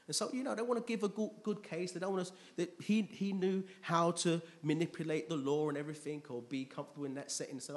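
A man's voice: on the high side, steady tone, fast talker, few pauses. Chatty preacher man checking in with his congregation. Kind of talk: conversational sermon with Bible reading. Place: church.

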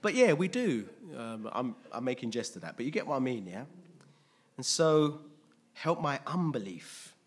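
Husky male preacher. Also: mid-range voice, sing-song, normal speed. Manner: conversational, often checks in with listeners. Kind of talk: conversational sermon.

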